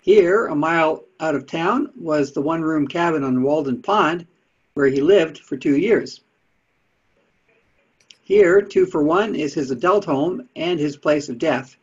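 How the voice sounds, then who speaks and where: A man's voice: on the high side, measured pace, slightly rough. A man giving a casual lecture on history with slides, chatty, with dry asides. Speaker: presenter of talks on Unitarian history. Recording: dull lo-fi sound.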